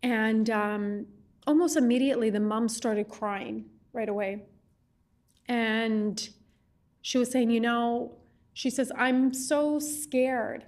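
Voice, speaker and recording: A woman on a legislative committee, questioning a witness in an impassioned, halting way, often repeating words as she speaks. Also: fairly high pitch, fairly even intonation, darkish tone.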